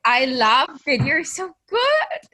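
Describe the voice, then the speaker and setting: A woman taking a yoga class, thanking the teacher warmly. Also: sits high, sing-song, slow pace, slight background noise.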